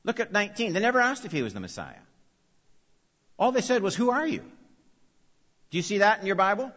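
A man delivers an emphatic sermon in a rather high, bright voice, leaning on repeated phrases and questions to his listeners. His voice rings with a long reverb, and the recording sounds dull and lo-fi. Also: sing-song, brisk. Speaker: preacher. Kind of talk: expository sermon.

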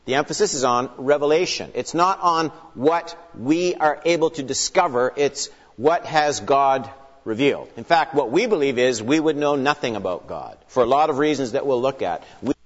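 A man giving an earnest, emphatic Bible lecture that opens with a prayer, with wry asides along the way. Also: medium pitch. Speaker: Bible teacher. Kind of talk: teaching lecture opened with prayer. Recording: long hall reverb, dull lo-fi sound.

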